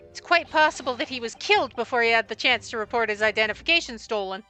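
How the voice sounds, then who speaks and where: A woman voicing an earnest young male defense lawyer who reasons deliberately. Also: a little high, expressive, sharp tone, soft background music, rough recording.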